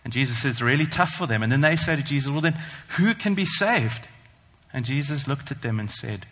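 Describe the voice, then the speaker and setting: A man preaching a sermon, earnest and emphatic, slowing down to stress the scripture he reads. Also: mid-range voice, lively intonation, fairly bright tone. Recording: long hall reverb.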